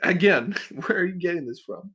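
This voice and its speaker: A podcast host bluntly rants through a casual critique of a video, swearing plenty. His voice is high-pitched, animated, a bit bright, and slightly rough, at a normal speed.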